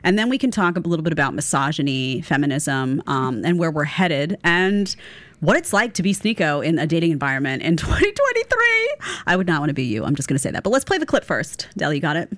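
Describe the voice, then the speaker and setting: Female podcast host, animated and expressive, dry studio sound. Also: sits low, quick pace, dry recording. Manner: animated, laughs often. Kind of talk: conversational interview.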